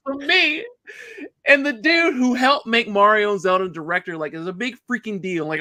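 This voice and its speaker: A man who works as a game developer, telling stories in a casual podcast hangout with excitable, animated delivery. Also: very high voice, brisk, no echo.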